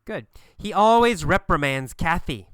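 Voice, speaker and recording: A man teaching an English lesson, speaking slowly and emphatically and repeating phrases for learners to copy. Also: high voice, expressive, a bit bright, smooth, no room sound, studio quality. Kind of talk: scripted language lesson.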